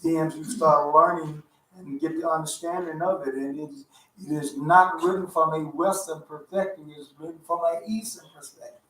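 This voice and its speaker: A man's voice: fairly high pitch, steady tone, moderate pace, a bit bright. A man teaching a Bible study in a folksy, conversational way, repeating himself as he explains. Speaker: teacher leading a Torah study. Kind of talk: informal sermon. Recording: roomy sound from a distant mic.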